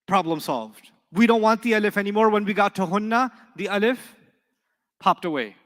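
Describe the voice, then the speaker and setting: A middle-aged man teaching an Arabic class, lecturing lively and quizzing his students with questions. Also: sits high, moderate pace. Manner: animated, asks the class questions. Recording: long hall reverb.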